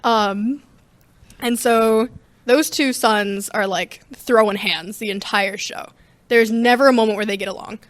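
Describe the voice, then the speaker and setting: A teenage girl, a student theater member, chatting as an interview guest in a rambling, slangy, animated way. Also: a little high, a little slow, no echo. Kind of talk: casual interview chat.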